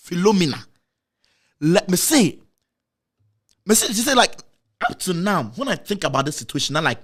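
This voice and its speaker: Ghanaian guy with a high voice getting all emotional telling his story, lots of repeating. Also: expressive, brisk, fairly bright tone. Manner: emotional, repetitive, with dramatic pitch swings. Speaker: guest telling a personal story. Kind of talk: emotional storytelling, switching between Twi and English.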